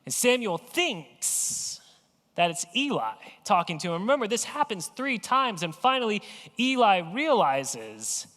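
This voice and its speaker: A man's voice: sits high, very animated, a little slow, sharp tone, long reverb tail. A male pastor preaching a sermon in a conversational storytelling way, playfully acting out everyday phone calls. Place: church sanctuary.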